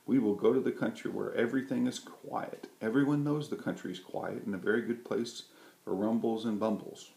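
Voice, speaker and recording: A man's voice: fairly low pitch, fairly even intonation, fairly quick, vocal fry, dark tone. A man playing a fussy, exasperated grown man who cannot stand noise, in a children's storybook reading. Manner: grumbling and exasperated. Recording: roomy echo.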